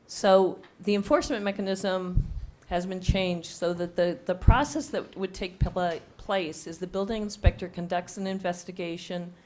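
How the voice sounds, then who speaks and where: A woman's voice: lowish voice, fairly even intonation, moderate pace, few pauses, darkish tone. A woman with a cold and a nearly lost voice, presenting a proposed bylaw at a town hearing, speaking close into a microphone and explaining it step by step. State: hoarse from a cold, voice nearly gone. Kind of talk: formal presentation at a public hearing. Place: town meeting room. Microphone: speaks close into a table microphone.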